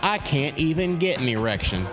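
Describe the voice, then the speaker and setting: A man's voice: on the high side, sing-song, moderate pace. A man doing a stand-up impression of a folksy, self-deprecating Midwestern politician, with music playing underneath. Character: comedian impersonating a folksy Midwestern governor.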